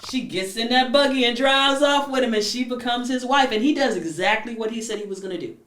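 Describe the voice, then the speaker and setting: Woman host, animated storyteller, echoey room, mic at a distance. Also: a little high, a little fast. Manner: animated storyteller, acts out characters. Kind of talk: storytelling talk show. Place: room with guests.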